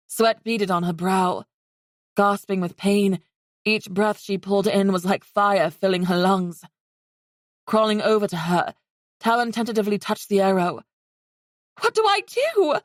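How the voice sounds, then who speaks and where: A woman narrating a fantasy romance audiobook in a steady, even storytelling way. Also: mid-range voice, a little slow, dry recording, clean studio sound.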